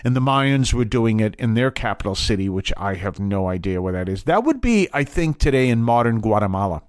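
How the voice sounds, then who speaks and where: A man's voice: lowish voice, very animated, brisk, clean tone, no echo. A man giving an informal Bible teaching talk, thinking aloud and wandering off on tangents, with frequent fillers and restarts.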